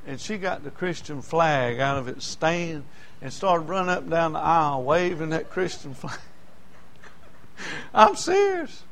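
Brief: man, preacher, high-pitched, folksy storyteller, rises loud then drops to a hush. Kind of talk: sermon.

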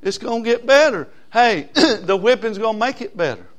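A middle-aged man preaching a sermon. He calls out to his congregation for amens and swings between loud and soft delivery. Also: high-pitched, very animated, normal speed.

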